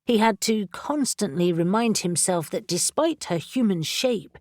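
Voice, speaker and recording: This is scripted narration of a fantasy audiobook by a woman whose mid-range voice carries a steady, measured storytelling tone. The studio sound is clean, with no echo.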